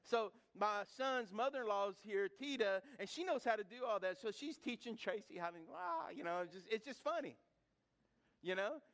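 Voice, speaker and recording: Brief: middle-aged man, high-pitched pastor, folksy humorous sermon, questions the crowd. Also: normal speed. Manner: lively, humorous, rhetorical questions to the congregation; repeats words and restarts while building stories. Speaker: preacher. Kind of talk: sermon with storytelling.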